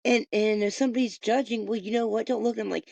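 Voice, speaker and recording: A woman's voice: on the high side, fairly even intonation, fast, gravelly, mellow, no echo. A woman hosting a podcast, giving a rambling, profane, motivational spiritual pep talk. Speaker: podcast host. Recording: dull lo-fi recording.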